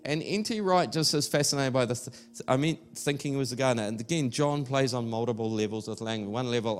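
A man's voice: mid-range voice, fast talker, few pauses, faint music behind. A man preaching an Easter sermon in a church service, talking in a loose, conversational way with many fillers and restarts. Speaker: pastor.

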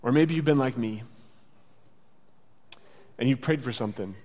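A man's voice: mid-range voice, normal speed, a little mellow. A male pastor giving a conversational sermon, sometimes acting out little exchanges. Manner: conversational, with acted asides. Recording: church hall reverb.

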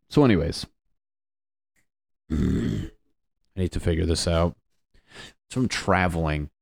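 A man's voice: low-pitched, vocal fry, a little mellow, no room sound, studio quality. A young adult male comedian in a casual, profane, sarcastic rant, riffing as he reads web pages aloud.

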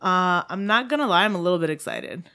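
A woman's voice: fairly low pitch, expressive, quick pace, pushed and bright. A woman co-hosting a casual podcast, chatty and giggly as she tells a true-crime story. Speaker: podcast co-host.

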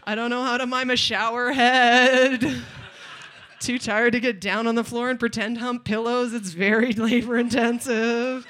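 A woman with a high, bright voice, telling a comic story on stage at a live storytelling night. She rambles and mocks herself, and she turns aside to chat with the crowd. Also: level tone, unhurried. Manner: rambling, self-mocking, with chatty asides to the crowd.

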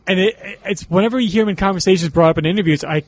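A man's voice: sits high, racing. A man co-hosting a casual movie commentary, chatty and sharing trivia with frequent laughs. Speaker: film commentary co-host.

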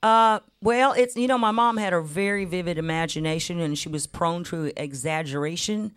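A woman in her fifties, a guest musician on a radio show, telling lively stories with frequent laughs and little voice impressions. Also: on the low side, normal speed, clear, resonant tone. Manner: warm laughing anecdotes, mimics voices. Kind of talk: chatty storytelling interview. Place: radio studio.

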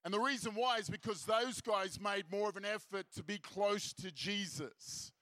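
A man with an Australian accent giving a lively Christian seminar talk on a festival stage, upbeat and jokey, rousing the crowd and repeating key lines for effect. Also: sits high, normal speed, dry recording. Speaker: seminar speaker. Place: festival stage before an audience.

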